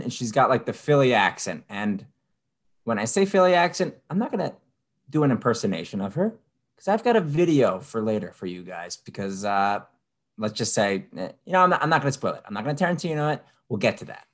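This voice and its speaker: A man co-hosting a podcast, telling a story with lively asides and mocking impressions of people. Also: fairly quick. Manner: animated storyteller, mimics people in high voices. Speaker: podcast co-host. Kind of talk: casual chat.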